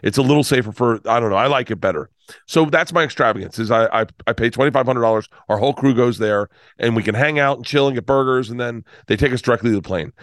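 A man's voice: medium pitch, fast, dry recording, clean studio sound. A man in his fifties, a comedian guest telling a rambling story full of restarts and swearing. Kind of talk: storytelling in conversation.

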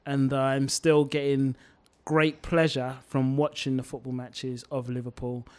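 A man's voice: mid-range voice, flat delivery, a little slow, darkish tone, clear, resonant tone. A man hosting a casual podcast chat, chatty, playful, often laughing. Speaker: podcast host.

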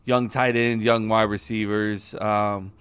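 A man's voice: on the low side, flat delivery, takes it slowly, fairly bright tone, smooth, dry recording. Joking, swearing male podcast host. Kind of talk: casual sports chat.

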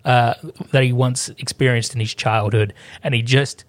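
A man's voice: medium pitch, fairly even intonation, normal speed, dry recording. Opinionated man, dry close sound. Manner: opinionated, hesitant restarts. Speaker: film review podcast co-host. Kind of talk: casual chat.

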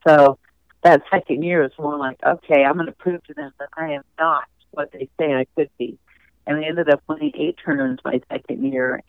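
A woman's voice: deep voice, no echo. Chatty woman on a tinny phone line. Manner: chatty, warm storyteller, laughs easily. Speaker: interview guest, former golf champion. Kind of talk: conversational interview storytelling.

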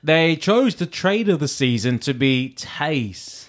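A man co-hosting a casual podcast, animated and gossipy, often breaking into laughs. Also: a little high, slow pace. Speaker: podcast co-host. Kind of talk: casual chat.

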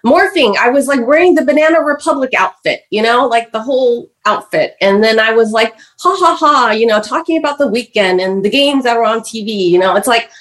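Animated, slightly high-voiced woman in her 50s. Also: fairly quick, hardly any pauses. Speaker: podcast guest. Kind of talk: candid personal storytelling.

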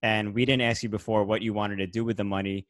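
A man hosting a casual podcast, friendly and upbeat, running through shout-outs and promos. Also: fairly low pitch, level tone, quick pace, no room sound. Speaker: podcast host.

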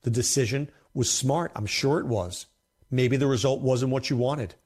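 A man's voice: mid-range voice, normal speed, darkish tone, breathy edge. A man hosting a fantasy football show, talking casually and emphatically, often repeating himself for effect. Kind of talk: casual commentary to camera.

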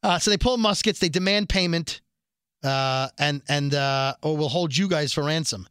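A man co-hosting a casual podcast chat, recapping a TV episode with jokes and quick acted-out quotes. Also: fairly high pitch, fairly bright tone, smooth, dry recording, studio quality. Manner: jokey, acts out quotes in quick voices. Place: New York.

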